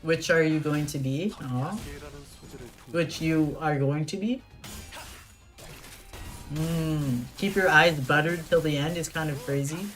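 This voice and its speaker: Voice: medium pitch, takes it slowly, pauses often, fairly bright tone, faint music behind. Chatty streamer, laughing at chat. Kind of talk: live gameplay stream chat.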